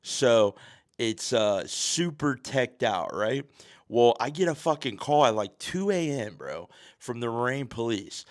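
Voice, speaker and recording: A man's voice: mid-range voice, sing-song, unhurried, no echo, clean studio sound. A man hosting a podcast, telling a story in a casual, profane, slang-heavy way. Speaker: podcast host.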